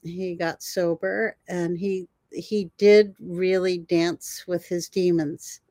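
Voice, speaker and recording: An older woman, a herbalist guest, telling animated stories in a conversation and laughing often. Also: fairly low pitch, slow, no echo. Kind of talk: storytelling in a conversation.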